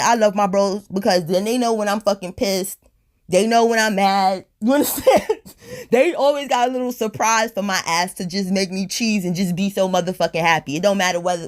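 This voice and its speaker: A woman of average pitch tells a storytime for her vlog, blunt and profane, with animated delivery. She sounds a little high and tipsy as she talks. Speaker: storytime vlogger. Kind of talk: casual storytime monologue.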